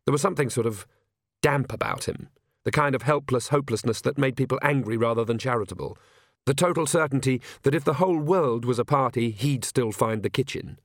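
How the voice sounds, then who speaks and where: A man reading a story aloud in even, wry narration. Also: mid-range voice, brisk, dry recording, clean studio sound. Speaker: audiobook narrator. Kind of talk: scripted narration.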